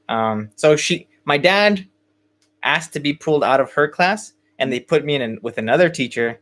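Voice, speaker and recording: A man's voice: mid-range voice, animated, fairly quick, fairly bright tone. A young man hosting a podcast, telling a story in casual chat with many fillers and restarts. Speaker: podcast host.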